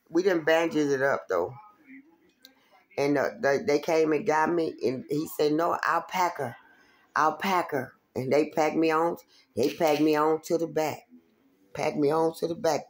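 A middle-aged woman tells a personal story in loose, profane, vivid talk, speaking straight to her listeners. Her voice has a gravelly rasp. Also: deep voice, darkish tone.

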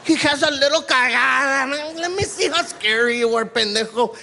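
High, lively, gravelly, Texan male comedian, profane stand-up delivery. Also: normal speed, hardly any pauses, a little hiss or hum. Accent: El Paso Texan. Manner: rowdy, profane, mixes in Spanish slang. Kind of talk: stand-up routine on stage.

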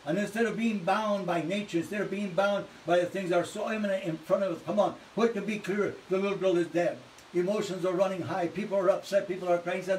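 A man preaching a sermon as pastor, swinging from hushed storytelling to loud, fervent exhortation. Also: sits high, steady tone, fast, recorded from a distance, a little hiss or hum, low-quality recording.

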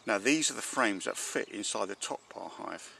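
A man, a beekeeper chatting casually as he works a hive outdoors and talks to his bees, breaking into excited exclamations. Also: fairly low pitch, normal speed, creaky, slight background noise. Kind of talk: casual narration while working a hive. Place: outdoors at a beehive. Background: buzzing bees.

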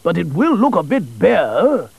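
A man voicing a kindly, fussing storybook king for a children's story, speaking slowly and gently. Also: high-pitched, wildly swooping pitch, gravelly, husky, dry recording, heavily acted. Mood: gentle.

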